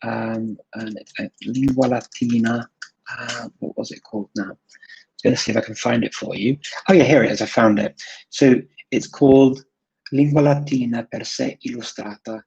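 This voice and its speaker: A man's voice: mid-range voice, fairly even intonation, moderate pace, gravelly, darkish tone, breathy edge, no room sound, lo-fi sound. A man hosting a live stream, answering viewer questions in a thoughtful, casual way with many fillers, sometimes switching languages. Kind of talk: live Q&A chat.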